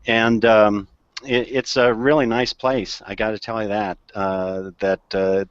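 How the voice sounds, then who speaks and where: Smooth-voiced man, dry dull audio. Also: on the low side, level tone, unhurried, dry recording. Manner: descriptive, hesitant with many uhs. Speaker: journalist. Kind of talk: casual panel chat.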